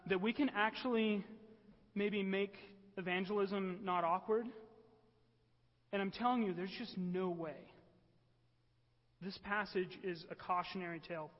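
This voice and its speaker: A man preaching a sermon in an earnest way, often checking with the room by asking "right?". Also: sits high. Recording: echoey hall, dull lo-fi sound.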